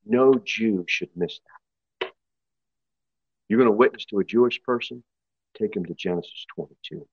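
A man's voice: on the low side, normal speed, pauses often, slightly rough, no room sound, highs cut off. A man preaching an expository sermon in a church, emphatic and acting out story voices. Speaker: pastor.

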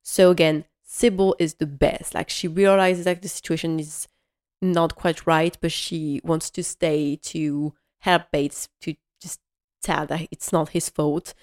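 A woman's voice: low voice, steady tone, a little slow, a little mellow. A woman host chatting casually and enthusiastically through a TV episode recap, rambling with many fillers. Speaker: podcast host.

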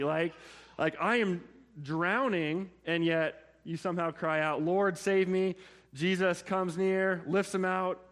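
A man preaching a sermon in a conversational way, often checking in with his listeners through quick asides. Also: a little high. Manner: conversational, frequent "right?" and "like" asides. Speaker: pastor.

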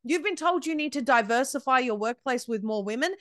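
An Australian woman, a media founder appearing as a podcast guest, speaks emphatically and scornfully and often restarts her sentences. Her voice is high-pitched, fairly quick and a bit bright, with lively intonation. The studio-quality recording has no echo.

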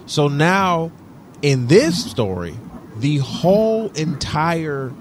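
A man from Detroit, co-hosting a podcast, telling a story in an animated, profane way and repeating himself for emphasis. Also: a little high, extremely slow, slight background noise. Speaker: podcast co-host. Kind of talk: casual chat.

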